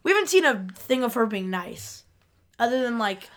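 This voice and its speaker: A young woman co-hosting a laid-back podcast. She speaks a little higher than usual and is relaxed and agreeable, with frequent small affirmations. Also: normal speed. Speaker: podcast co-host. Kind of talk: casual chat.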